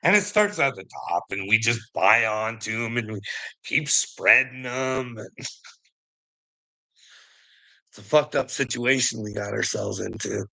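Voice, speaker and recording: A man's voice: fairly low pitch, expressive, unhurried, creaky, long pauses, pushed and bright, rough recording. A man rambling through a casual personal story, swearing freely and laughing often between lines. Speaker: vlogger.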